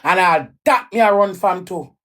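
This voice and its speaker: A woman's voice: fairly low pitch, normal speed, a bit bright. A Jamaican woman telling an emotional personal story in a raw, emphatic way, often repeating her lines. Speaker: livestreamer.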